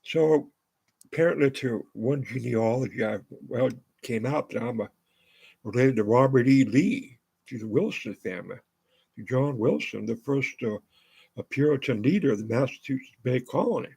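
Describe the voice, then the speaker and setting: A man's voice: medium pitch, moderate pace, vocal fry, a little mellow, slightly rough. An older American man hosting his own show, talking in a rambling monologue full of fillers and restarts. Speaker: show host.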